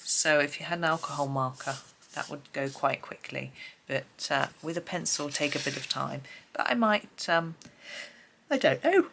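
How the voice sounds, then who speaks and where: A woman's voice: low-pitched, moderate pace, creaky, background noise. A woman, sleepy and just woken up, chatting casually and musing aloud as she flips through pages, with light laughs. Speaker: host. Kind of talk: casual flip-through chat.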